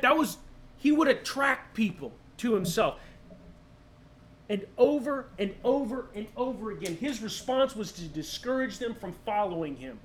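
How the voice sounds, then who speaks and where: A man's voice: high-pitched, a bit bright, slight background noise. A male pastor preaching a sermon in a casual way, with joking, sarcastic asides.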